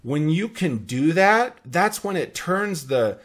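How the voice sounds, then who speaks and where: Energetic man giving a motivational talk. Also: fairly high pitch, slow pace. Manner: energetic, repeats words and restarts, tells anecdotes. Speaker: podcast host.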